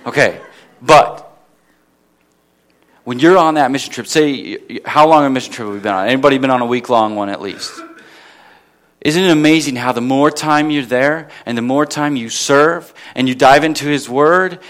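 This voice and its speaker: A man's voice: medium pitch, moderate pace, fairly bright tone. A man preaching a sermon at a church gathering, asking his listeners questions and building to emphatic peaks.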